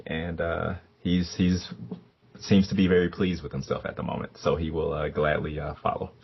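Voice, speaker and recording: A man's voice: low voice, steady tone, fairly quick, gravelly, slightly rough. A man playing a tabletop role-playing game, laughing often and hesitating with fillers. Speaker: player. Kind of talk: tabletop role-play, casual. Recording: dull, lo-fi sound.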